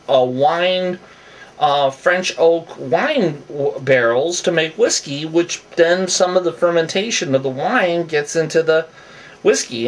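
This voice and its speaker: A man's voice: fairly high pitch, far from the mic. A man giving off-the-cuff, opinionated commentary that rambles with asides and restarts.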